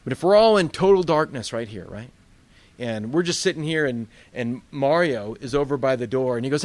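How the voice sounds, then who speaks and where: A man's voice: fairly high pitch, lively intonation, a little fast, no room sound. Plainspoken male pastor, dry sound. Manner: conversational, plainspoken storytelling. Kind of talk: sermon.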